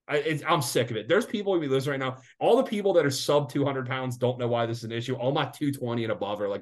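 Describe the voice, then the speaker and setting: A man co-hosting a casual podcast, ranting with lots of swearing and animated outbursts. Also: mid-range voice, fast talker. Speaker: podcast co-host. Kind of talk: casual sports betting podcast chat.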